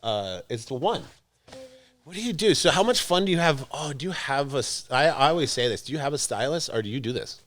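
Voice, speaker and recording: A man in casual podcast chat, voice pitched in the middle range. He tells stories with an easy grin, jumps into quoted voices for the people in them, and laughs often along the way. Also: fairly quick. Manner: animated storyteller, acts out quotes, laughs often. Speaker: podcast host.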